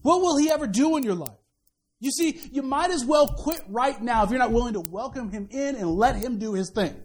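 Animated high-voiced man preaching. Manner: conversational and animated, with many restarts and quick asides. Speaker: pastor. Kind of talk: sermon. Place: church worship service.

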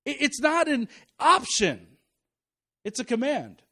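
A man, a pastor, preaching a sermon, reading scripture slowly and with emphasis and often restarting his words. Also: very high-pitched, very animated, sharp tone.

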